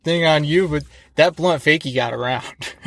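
A man from the Midwest hosting a casual podcast interview, excitable and rambling, full of fillers and swearing. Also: on the high side, takes it slowly, dry recording. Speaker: podcast host.

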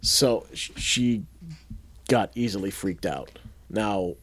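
A man co-hosting a podcast, telling a story in casual chat and acting out the quotes loudly. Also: lowish voice, takes it slowly, husky. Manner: animated, acts out quotes loudly. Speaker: podcast co-host.

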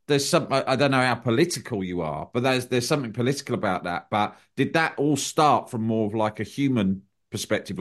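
A man hosting a podcast interview, asking long questions in a hesitant, searching way. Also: mid-range voice. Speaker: podcast host.

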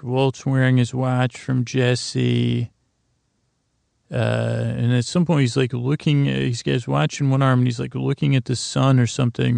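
A man's voice: mid-range voice, gravelly, darkish tone, dry recording. A man hosting a sleep podcast, recapping a story in a meandering way full of restarts. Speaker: podcast host. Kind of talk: rambling bedtime recap.

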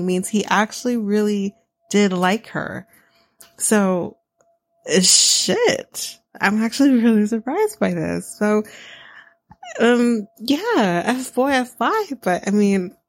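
A woman's voice: mid-range voice, no echo. A woman hosting a podcast, recapping a show in casual chat, blunt and sarcastic, swearing freely and laughing at her own asides. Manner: lively, laughing asides, addresses listeners.

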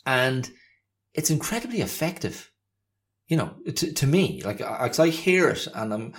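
A man's voice: medium pitch, big pitch swings, normal speed. A man hosting a podcast, talking through his thoughts in a reflective monologue and searching for words as he goes. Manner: thoughtful, searching, many fillers and restarts. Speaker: podcast host.

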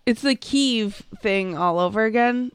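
A woman co-hosting a podcast in casual chat, relaxed and dry in manner. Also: a little high, measured pace, smooth, no room sound. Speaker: podcast co-host.

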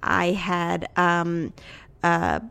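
A woman's voice: on the low side, very slow, creaky, a bit bright, clear, resonant tone. A woman in her thirties co-hosting a podcast, teasing and scolding her partner in casual banter, swearing often. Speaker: podcast co-host.

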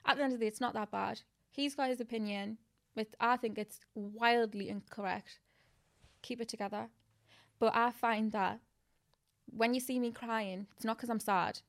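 A woman's voice: fairly high pitch, moderate pace, creaky. A young woman, chatting casually as a podcast guest and telling stories animatedly. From England. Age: 20s. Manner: animated storytelling, lots of "like".

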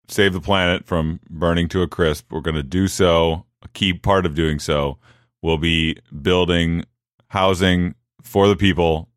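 A man interviewing a guest, speaking in a measured way and summing up the guest's points. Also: low voice, clean tone, no room sound, clean studio sound. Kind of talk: political interview.

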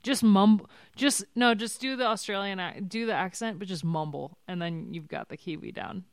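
Excitable, smooth-voiced woman podcast guest. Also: medium pitch, moderate pace, no room sound, clean studio sound. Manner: animated, excitable, frequent laughs. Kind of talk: casual podcast chat.

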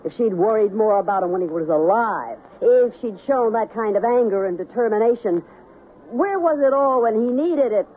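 A woman's voice: fairly high pitch, moderate pace, slightly rough. An actress playing a cold, scheming woman who wants to keep stolen money, in a 1970s radio drama. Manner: hard and dismissive, then coaxing. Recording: narrow, phone-like old radio broadcast.

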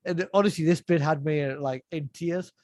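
A man tells a funny story in casual conversation, laughing as he goes and slipping into impressions. His voice sits a little high, recorded close and dry with no room sound. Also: normal speed, a little mellow, dry recording. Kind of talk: casual chat, retelling a TV show.

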